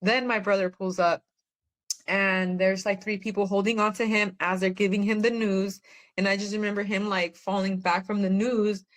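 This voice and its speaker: A woman's voice: mid-range voice, level tone, moderate pace. A woman, a guest on a podcast, telling her own story in a rambling, earnest way with many fillers. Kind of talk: personal testimony in conversation.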